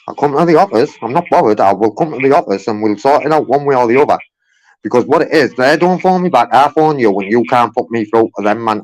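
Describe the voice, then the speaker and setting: A caller makes a heated complaint over the phone, insistent and repetitive, constantly saying "you know what I mean." His voice is medium-pitched, with no room sound, and the recording is low quality.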